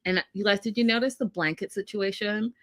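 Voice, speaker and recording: A woman's voice: medium pitch, fairly quick. A woman co-hosting a casual TV recap show, chatting directly to her viewers and laughing often. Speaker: podcast co-host.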